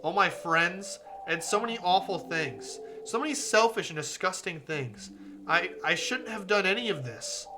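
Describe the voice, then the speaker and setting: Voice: medium pitch, animated, normal speed, over music, natural voice. Monika, a streamer voicing a wounded club president. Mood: remorseful. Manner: pleading, accusing, then remorseful. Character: young woman, club president, obsessive and wounded. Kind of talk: reading game dialogue aloud on stream.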